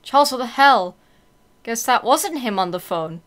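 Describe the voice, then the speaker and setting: A woman playing a horror game and commenting out loud, reading the text, swearing and reacting to scares. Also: on the high side, expressive, normal speed. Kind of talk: let's-play commentary.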